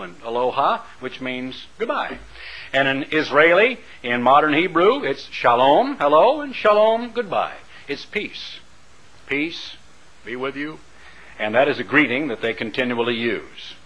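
A man preaching a radio sermon, swinging between loud emphatic lines and soft murmured asides. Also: mid-range voice. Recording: muffled lo-fi radio broadcast.

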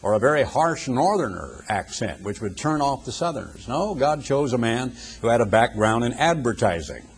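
An older man giving a radio sermon, husky-voiced, building emphatic rhetorical questions. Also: medium pitch, darkish tone. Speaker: preacher, radio broadcaster.

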